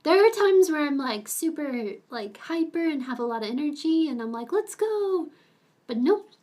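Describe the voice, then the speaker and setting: A woman's voice: lively intonation, normal speed, a little mellow. A young adult woman streaming, chatting casually with viewers in a rambling way and laughing often. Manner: switches to a high, cooing voice to talk to her pets.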